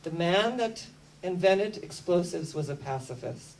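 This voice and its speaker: A woman speaking to an audience, telling a story as a lively storyteller who keeps coming back to energy and spirit. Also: on the low side, unhurried, recorded from a distance, rough recording. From United States. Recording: voice a bit off mic with faint hum.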